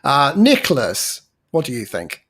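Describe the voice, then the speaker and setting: Male host, playful and upbeat, lively varied pitch. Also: unhurried, husky. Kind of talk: hosting a panel show.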